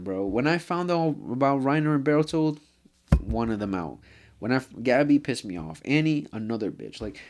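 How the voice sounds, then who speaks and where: A man vlogs a rambling anime rant, heated, profane and littered with "bro," fillers and restarts. His voice is mid-range and a little mellow.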